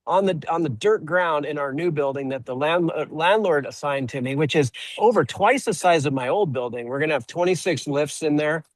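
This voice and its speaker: A man who owns an auto repair shop, speaking as a guest on a webinar and telling a story in a halting way, often repeating words as he starts a sentence. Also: a little high, dry recording, poor audio. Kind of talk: conversational storytelling.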